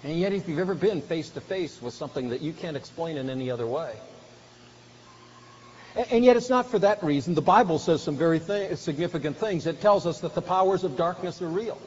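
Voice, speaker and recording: A man's voice: a little high, expressive, a little fast, a little mellow. A man preaching a sermon with earnest, emphatic delivery that swells at key points. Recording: dull recording with faint hiss.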